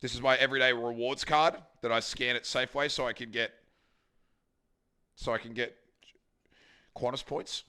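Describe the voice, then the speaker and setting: A man's voice: medium pitch, steady tone, moderate pace, long pauses, bright, forceful tone, smooth. A young Australian man streaming in his home kitchen, chatting casually while he cooks, joking and swearing freely. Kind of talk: casual livestream chat while cooking.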